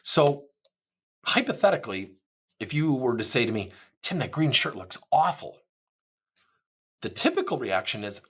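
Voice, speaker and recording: A man in his fifties giving a motivational talk as a corporate trainer, animated and acting out quoted dialogue. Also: mid-range voice, normal speed, long pauses, husky.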